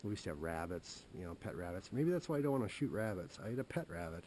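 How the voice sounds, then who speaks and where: A man with a very low voice tells a casual story outdoors in the woods, rambling and halting, often restarting his sentences. Faint outdoor ambience hangs behind him. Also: very animated, darkish tone, a little hiss or hum. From Wisconsin. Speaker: hunting show host.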